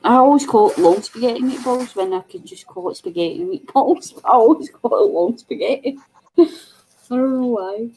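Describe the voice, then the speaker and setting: A woman's voice: on the high side, expressive, normal speed, gravelly, dark tone, breathy edge, rough recording. A woman chatting casually as a guest on a video call, laughing through her own little story. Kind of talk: casual chat.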